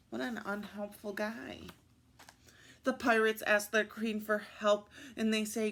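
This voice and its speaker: A woman reading picture books aloud at story time, expressive and adding little asides to her listeners. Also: medium pitch, unhurried.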